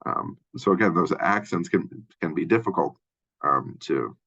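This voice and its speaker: A man from Minnesota with a Minnesotan accent and a deep voice, giving a casual college lecture full of fillers and restarts. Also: expressive, moderate pace, creaky, a bit bright, breathy edge, highs cut off. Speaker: college instructor. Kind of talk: lecture overview of a textbook chapter.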